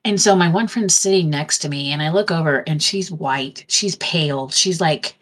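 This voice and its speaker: Low-voiced woman telling rambling stories. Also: moderate pace. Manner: rambling, animated anecdote telling with restarts. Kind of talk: casual storytelling chat.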